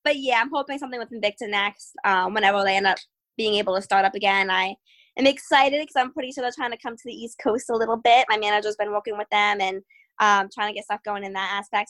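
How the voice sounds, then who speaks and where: Bright-voiced young woman telling a story. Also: medium pitch, low-quality recording. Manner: animated, laughs often, acts out quotes. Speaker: guest fighter. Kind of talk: casual interview storytelling.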